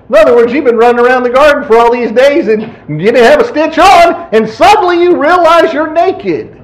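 A man preaching a sermon in a folksy, animated way, acting out quotes. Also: very high-pitched, a little fast, hardly any pauses. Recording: echoey room.

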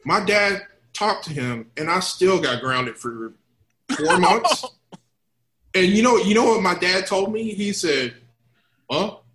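A man's voice: sits high, unhurried, noisy background. A man in his thirties, co-hosting a casual podcast chat and telling stories with acted-out quotes. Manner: animated storyteller, acts out quotes. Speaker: podcast co-host. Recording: roomy echo.

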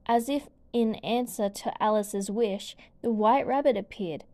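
Slow, high-voiced woman reading a storybook. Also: a little hiss or hum. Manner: slow, gentle, clear reading. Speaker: narrator.

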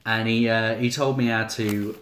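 A man co-hosting a casual film podcast, making wry, deadpan jokes. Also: fairly low pitch, moderate pace. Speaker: podcast co-host. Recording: echoey room.

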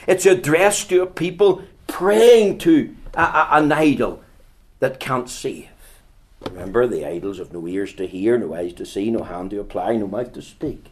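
A man preaching a sermon, swinging between quiet, slow passages and loud, urgent bursts, often repeating words as he goes. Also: fairly high pitch.

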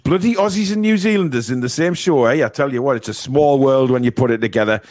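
A man's voice: mid-range voice, fast, darkish tone. A man hosting a casual quiz on a live stream, swearing and teasing the callers as he reads the questions. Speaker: quiz host.

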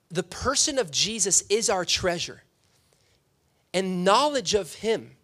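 Chatty young man preaching, fairly high voice. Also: fairly bright tone. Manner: chatty, self-deprecating, frequent "right?" asides. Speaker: pastor. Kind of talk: casual conversational sermon. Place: church sanctuary.

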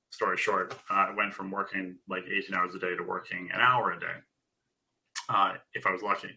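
Guest speaker, male, low register, cutting bright timbre, dry humor, relaxed. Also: poor audio. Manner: wry, dryly sarcastic humor; relaxed storytelling with frequent chuckles. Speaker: podcast guest, productivity author. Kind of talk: casual interview chat.

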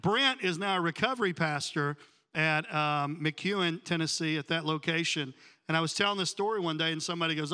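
A man delivers a sermon as a pastor at a brisk pace, his voice on the high side with a clean tone. He tells the story animatedly, acting out the people's voices, and the audio has a big-room sound.

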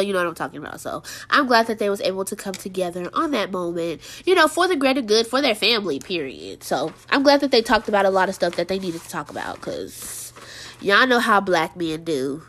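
A woman's voice: mid-range voice, very animated, brisk, a bit bright. A woman hosting a review show, talking in a chatty, emphatic way full of fillers and repetition. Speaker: show host reviewing TV episodes. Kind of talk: casual review monologue.

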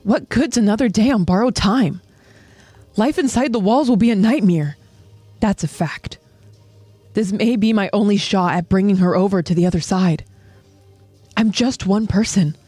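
A woman voicing a brooding, blunt young female soldier who talks in a low inner monologue. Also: moderate pace, long pauses, mellow, husky, dry recording, soft background music, natural voice.

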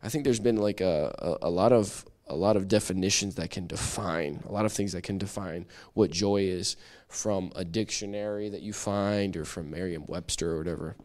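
A man leads a church Bible study in a casual, talkative way. His voice sits on the lower side, and he laughs at himself and restarts sentences as he goes. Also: normal speed, few pauses, darkish tone. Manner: chatty and self-deprecating, with frequent restarts.

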